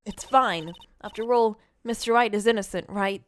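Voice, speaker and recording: A woman voicing a calm, confident female defense attorney in a game, composed and reassuring. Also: medium pitch, moderate pace, close to an everyday voice.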